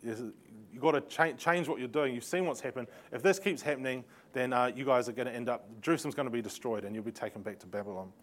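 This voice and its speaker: A man's voice: medium pitch, quick pace, natural voice. A man acting out a prophet who urgently scolds a king, pleading with him to change his ways.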